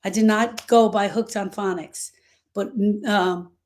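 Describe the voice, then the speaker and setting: A woman's voice: mid-range voice, steady tone, measured pace, darkish tone. A woman hosting a grief-coaching livestream, talking to viewers with emphatic repetition and reading their comments aloud. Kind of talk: live-stream talk to viewers.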